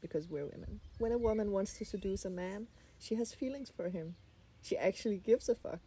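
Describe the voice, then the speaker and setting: A woman's voice: medium pitch, brisk, mellow, a little hiss or hum. A woman in a casual chat who keeps drawing the other speaker out with curious, prompting questions.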